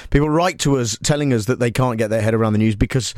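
Deadpan radio host, man. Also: mid-range voice, quick pace, no echo, studio quality. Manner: deadpan, mock-serious. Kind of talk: comic talk radio banter.

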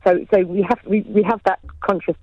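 A woman's voice: mid-range voice, fairly even intonation, brisk, no echo, muffled recording. A woman chatting casually as a radio guest, laughing often and sounding self-deprecating. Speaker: guest, mother of three.

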